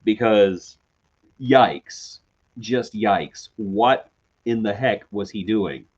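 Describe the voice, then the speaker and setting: A man co-hosting a TV review podcast, talking casually in a chatty, animated way and often apologizing. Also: fairly low pitch, drawn-out words, slightly rough, dull audio. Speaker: podcast co-host.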